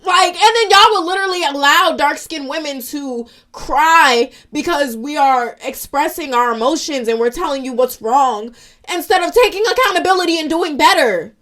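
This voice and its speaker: Mulher jovem e aguda, desabafando frustrada. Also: female voice, high-pitched, animated, moderate pace, a bit bright. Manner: emotional, frustrated, ranting. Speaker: social media commentator. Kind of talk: casual vlog commentary.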